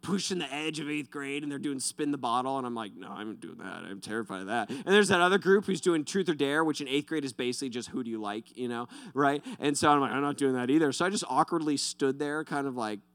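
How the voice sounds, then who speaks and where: A young man preaching, his voice bright and crisp. He tells animated, self-deprecating stories. The sound is dry and close. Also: on the high side, fast talker, few pauses, dry recording. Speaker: pastor. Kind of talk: sermon with personal stories.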